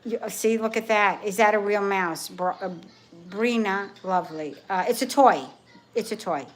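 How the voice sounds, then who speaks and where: Hosting a casual livestream, a middle-aged Brooklyn woman talks with viewers in a mid-range voice at normal speed. She's emphatic and tends to say things more than once.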